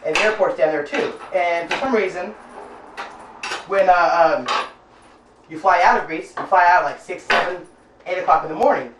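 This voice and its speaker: A woman hosting her own cooking show, chatting loosely with many filler pauses as she tells a story while she cooks in her kitchen. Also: fairly low pitch, far from the mic. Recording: roomy sound, voice off-mic, faint noise.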